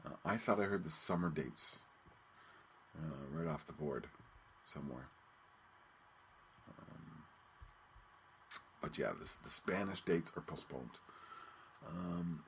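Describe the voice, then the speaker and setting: A man hosting his own podcast, talking casually and haltingly with many ums and restarts. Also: low voice, big pitch swings, a little hiss or hum. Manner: rambling, hesitant, many ums and repeated words. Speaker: podcast host. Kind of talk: casual solo radio-show talk.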